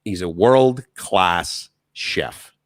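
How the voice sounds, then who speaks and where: A man's voice: sits low, drawn-out words, dry recording. A man co-hosting a casual live-stream chat, talkative and enthusiastic, telling stories with lots of energy. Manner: enthusiastic, talkative, animated storytelling. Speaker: co-host.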